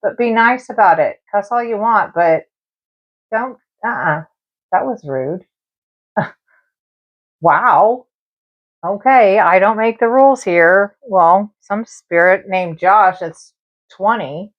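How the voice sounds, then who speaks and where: A woman's voice: medium pitch, slow pace, long pauses, muffled recording. A woman hosting a spiritual live stream, chatting casually and talking straight to her viewers and the spirits. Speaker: live-stream tarot and spirit box host.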